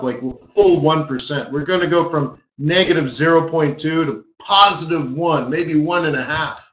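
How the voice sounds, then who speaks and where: A man's voice: fairly high pitch, normal speed, fairly bright tone. A man hosting a live trading webinar, exclaiming playfully as he goes through the charts. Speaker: forex webinar host. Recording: roomy, slightly dull webinar audio.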